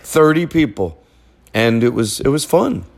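A man's voice: mid-range voice, lively intonation, a little slow, vocal fry, darkish tone. A man hosting a podcast from a family living room, telling a rambling, joking story in casual chat. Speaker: podcast host.

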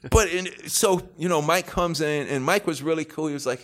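A man on an interview show, telling an anecdote in a casual, animated way, acting out other people's lines and swearing freely. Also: fairly high pitch, moderate pace. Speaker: interview guest.

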